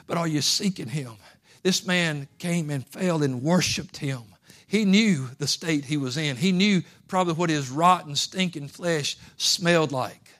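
A man preaching a sermon as pastor, folksy, swinging from quiet asides to impassioned pleading. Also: on the high side, measured pace.

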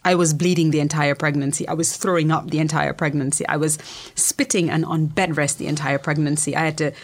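A woman's voice: low-pitched, flat delivery, a little fast. A woman with a Jamaican accent, a poet and memoirist guest, telling personal stories candidly and emphatically, often repeating words as she starts a sentence.

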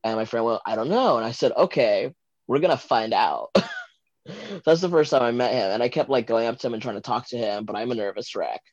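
Podcast guest, male, from LA, mid-pitched voice, rambling and giggly, lo-fi dry recording. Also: fairly quick, no room sound. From Los Angeles, USA. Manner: chatty, rambling, many fillers like "like" and "um"; giggly, animated when retelling moments. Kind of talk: casual storytelling interview.

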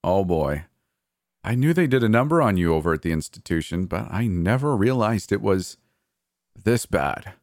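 A man's voice: low voice, sing-song, normal speed, darkish tone, dry recording, studio quality. A man voicing a cold, gleeful, murderous adult brother in a horror story, with a taunting, sneering delivery. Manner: taunting, sneering, coldly cheerful.

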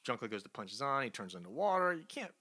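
A man's voice: mid-range voice, sing-song, quick pace, pushed and bright. A man co-hosting a casual comic book review podcast, recapping the story with sarcastic mockery and rhetorical questions. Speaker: podcast co-host.

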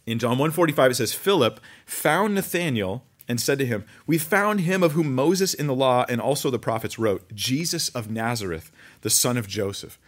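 A man preaching a conversational sermon, reading scripture aloud and commenting with animated asides. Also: medium pitch, moderate pace. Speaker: pastor.

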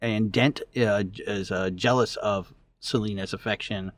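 A man's voice: on the low side, steady tone, a little slow. A man co-hosting a podcast, recapping a story in casual chat, rambling with lots of fillers and restarts. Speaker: podcast co-host.

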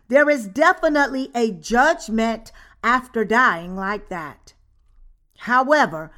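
A woman reading a sermon aloud in a measured, deliberate way. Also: fairly high pitch, a bit bright. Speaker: sermon reader.

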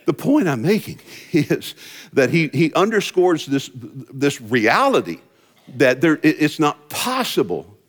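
Lively preacher man in a reverberant hall. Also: on the high side, unhurried. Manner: lively storytelling preacher, acts out quoted voices. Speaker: pastor. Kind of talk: sermon.

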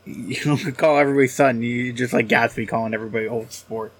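Brief: male co-host, middle pitch, dry teasing interjections. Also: steady tone, quick pace. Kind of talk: casual chat.

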